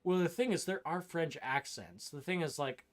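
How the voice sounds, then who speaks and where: A man's voice: fairly high pitch, lively intonation, moderate pace. A man streaming a video game, giving casual commentary and ranting with strong opinions and swearing. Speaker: gaming streamer.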